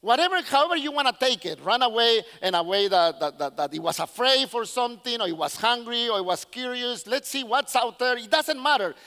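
High, bright-voiced animated male preacher. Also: brisk, hardly any pauses, long reverb tail. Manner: animated storyteller who acts out characters; non-native English with slips. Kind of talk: sermon.

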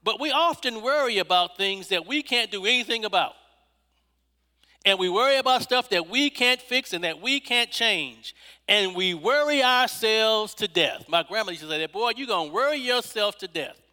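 A man's voice: high-pitched, animated, normal speed, pushed and bright, big-room sound. A man preaching a sermon in a rhythmic, repetitive cadence from a church.

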